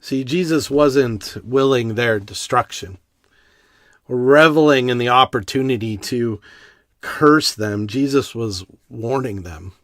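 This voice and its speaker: A man's voice: medium pitch, slow pace, fairly bright tone, no room sound, clean studio sound. A male pastor giving a sermon in an earnest, conversational way that builds to strong emphasis. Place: church sanctuary.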